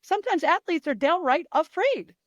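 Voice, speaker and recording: A woman mindset and performance coach talking as an interview guest, emphatic and animated, swearing freely and acting out the voices of the athletes she coaches. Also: extremely high pitch, moderate pace, no room sound, dull audio.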